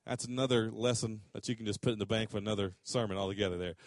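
A man's voice: on the low side, steady tone, racing, no echo, studio quality. A middle-aged man, preaching a sermon in a conversational way that rises to emphatic questions. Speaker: pastor.

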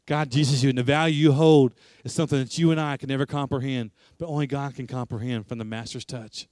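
A man's voice: medium pitch, steady tone, fast talker, a little mellow, no echo, studio quality. A male pastor giving an earnest sermon and altar call, pleading with listeners. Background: faint music.

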